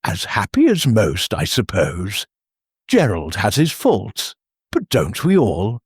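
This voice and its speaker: A man's voice: on the low side, huge pitch swings, slow, breathy edge, no echo, clean studio sound, full character voice. Brittle, guarded society wife, read by a man.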